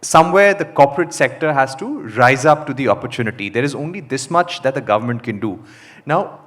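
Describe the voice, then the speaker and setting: A man's voice: medium pitch, lively intonation, fairly quick, a bit bright. A man moderating a panel, asking long questions with some hesitation.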